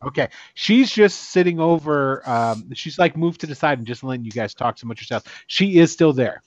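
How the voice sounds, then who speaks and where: A man's voice: a little high, animated, moderate pace, no echo. A man narrating a tabletop game as game master, loose and chatty. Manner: loose, chatty, laughs often. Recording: dull, dry recording.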